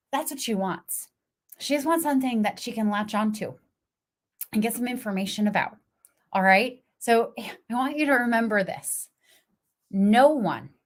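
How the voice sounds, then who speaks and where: A woman business coach talking casually on a livestream from a phone propped against her computer, laughing often and acting out little quoted voices. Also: mid-range voice.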